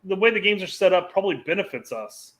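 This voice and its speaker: Easygoing, slightly high-voiced man. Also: lively intonation, quick pace, fairly bright tone, poor audio. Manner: easygoing, hesitant, many fillers. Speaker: podcast co-host. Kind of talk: casual sports chat.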